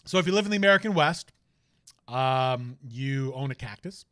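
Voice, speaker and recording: A man's voice: medium pitch, lively intonation, moderate pace, bright, forceful tone, dry recording, studio quality. A man streaming a game, chatting casually and rambling with jokey asides. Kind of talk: casual let's-play commentary.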